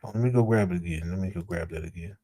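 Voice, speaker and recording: A man hosting a reaction commentary show, talking in a slangy, animated way straight to his audience. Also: low-pitched, rapid-fire. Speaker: host.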